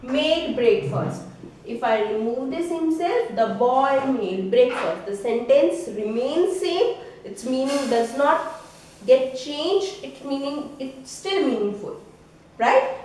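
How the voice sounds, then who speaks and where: A woman's voice: high voice, darkish tone. A woman teacher with an Indian English accent, giving a classroom grammar lesson and checking in with a questioning "right?" at the end of her points. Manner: slow, explanatory, ends phrases with a questioning "right?". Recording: echoey room, voice from a distance, faint hiss.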